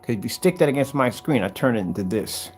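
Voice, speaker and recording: A man demonstrating projector screen paint in a combative, animated way, talking straight to his critics. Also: mid-range voice, fast, soft background music. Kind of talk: product demonstration rant.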